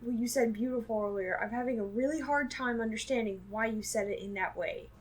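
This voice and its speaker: A woman's voice: a little high, a little fast, slightly rough. A woman chatting casually off-camera, asking puzzled, probing questions. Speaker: off-camera companion. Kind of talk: casual chat.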